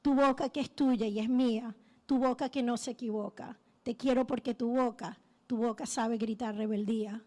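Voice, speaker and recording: A woman reciting a love poem with steady rhythm at a poetry night. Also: a little high, fairly quick. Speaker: poet performing at a poetry night.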